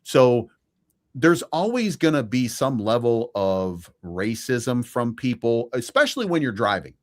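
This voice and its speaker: A man's voice: medium pitch, big pitch swings, a little slow. A man co-hosting a live stream, giving his opinions in a casual political debate, with frequent restarts. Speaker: stream co-host.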